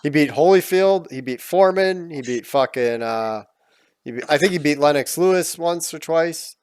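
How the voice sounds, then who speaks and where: A man's voice: on the high side, normal speed, a little mellow, smooth, no room sound. Emphatic swearing man, dry room. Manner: emphatic, profane, talks over others. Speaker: podcast host. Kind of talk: casual chat.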